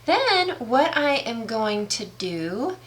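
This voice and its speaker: A woman with a slightly high, very animated voice demonstrates a craft project in a casual tutorial. Chatty and enthusiastic, she explains each step slowly and carefully.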